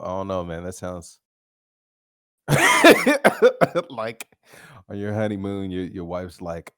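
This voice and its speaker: Speaking solo in a deep voice, a man hosts a podcast made up of casual storytelling. He swears freely and laughs a lot, recorded in a clean studio with no room sound.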